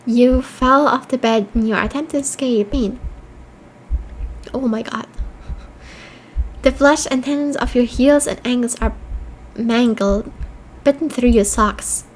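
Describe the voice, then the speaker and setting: A woman's voice: on the high side, a little slow, pauses often, a little hiss or hum, low-quality recording. A woman streaming a horror game, reading its text aloud and reacting with swearing and laughter.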